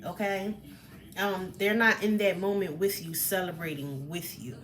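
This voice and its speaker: A woman talking casually to camera as a personal development coach, chatty and expressive, with many fillers. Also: on the low side, unhurried, faint music behind. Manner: chatty and expressive, with fillers, acts out quoted remarks.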